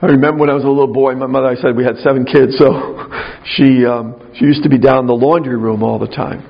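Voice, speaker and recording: Gravelly man, mid-pitched, wry storytelling speaker; dull lo-fi recording. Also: steady tone, fast. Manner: conversational, anecdotal, wry. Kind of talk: spiritual talk with personal storytelling.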